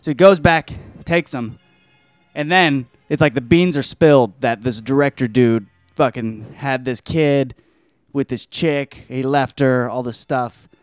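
A man's voice: mid-range voice, unhurried, dry recording, clean studio sound, faint music behind. A young man casually retelling a novel on his vlog, rambling and full of slang and swearing. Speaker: book reviewer, vlog host. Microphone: camera mic.

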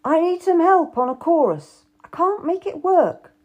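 A woman's voice: extremely high pitch, animated, measured pace, a little mellow, muffled recording, pitched above the performer's own voice. A woman voicing an arrogant, charming young male nobleman who coaxes and gives orders. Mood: coaxing. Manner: coaxing, commanding.

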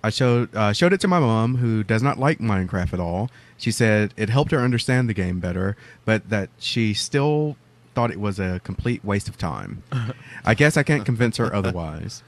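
A man's voice: on the low side, animated, normal speed. A man from the southern United States co-hosting a podcast in casual chat, dry and amused. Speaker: podcast co-host.

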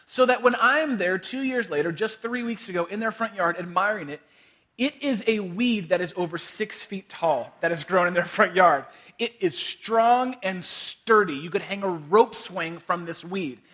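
Male pastor, 30s, sermon delivery; bright, forward tone, casual anecdotes with light laughs. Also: high voice. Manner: conversational storytelling with quick laughs and voiced asides.

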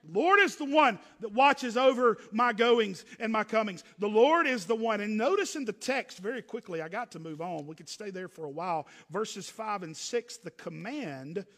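A man preaching a sermon from the pulpit. His voice is very high and bright. He moves between loud, emphatic preaching and low, hushed asides, and the sound rings with the long reverb of a large church hall. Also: lively intonation, normal speed, hardly any pauses. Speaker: pastor.

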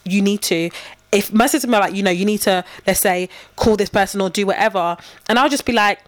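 A woman's voice: medium pitch, brisk, dry recording. A woman, chatting casually as a co-host and acting out quoted dialogue as she tells stories. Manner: animated storyteller, acts out quoted dialogue. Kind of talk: casual chat.

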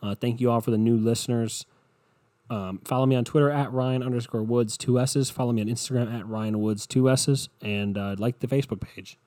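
Hosting his own podcast alone, a young adult man speaks fairly quickly in a steady, warm, mid-range voice, with no room sound. He's tired and worn out, rambling casually, swearing, being sarcastic and doing voices for quotes.

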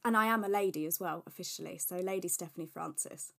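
A woman's voice: fairly low pitch, fast talker, vocal fry, a bit bright. Rambly woman on a podcast, gushes and chats away. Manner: chatty, rambling, gushing. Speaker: podcast co-host. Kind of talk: casual chat.

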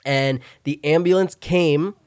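A young man in casual chat, telling a long story full of swearing and filler words and shouting out the lines he once said. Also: fairly high pitch, takes it slowly, dry recording, studio quality. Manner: profane, rambling storytelling with loud acted-out shouts.

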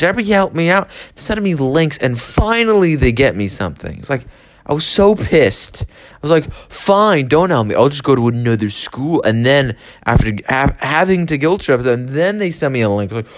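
On his own show, this young man delivers a rambling monologue, ranting alone in an irritable, sarcastic mood as the podcast's host. He talks at a moderate pace in an animated voice on the high side.

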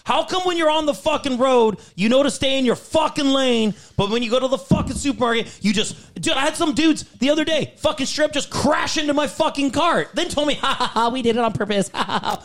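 A man's voice: very high-pitched, a little fast, hardly any pauses, a bit bright. A man co-hosting a podcast, ranting heatedly and swearing constantly. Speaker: podcast co-host. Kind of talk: casual podcast rant.

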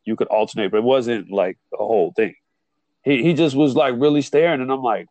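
A man's voice: a little fast, no echo, lo-fi sound. A man telling a college story in casual chat, acting out the people he quotes. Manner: animated, acts out quotes with jumps in pitch.

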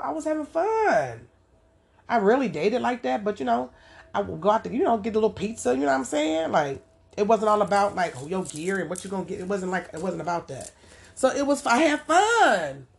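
A woman talking on her own podcast in a relaxed, rambling monologue. She speaks colloquially, circles back on her points, and keeps checking in with the listener. Her pitch sits in an ordinary middle range. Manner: rambling and colloquial, with frequent "you know what I'm saying". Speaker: podcast host. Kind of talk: casual spoken monologue.

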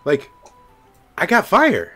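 A man's voice: sits high, wildly swooping pitch, slow, a bit bright, husky, soft background music, voice pushed up, heavily acted. Man putting on a pleading young dragon. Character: young male fire-breathing dragon, eager and hungry.

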